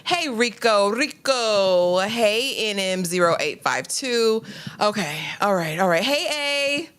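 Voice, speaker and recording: A woman co-hosting a casual live stream, talking in an animated, emphatic way. Her voice sits at a middle pitch, and she greets viewers by name before giving her opinions. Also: slow pace, clean tone. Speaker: co-host of a live TV recap stream.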